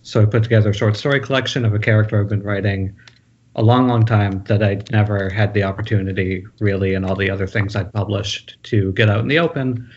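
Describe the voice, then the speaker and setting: Low-voiced man on a muffled call. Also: slightly rough. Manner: relaxed, halting with fillers. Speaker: guest author. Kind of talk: casual video call chat. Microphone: video call.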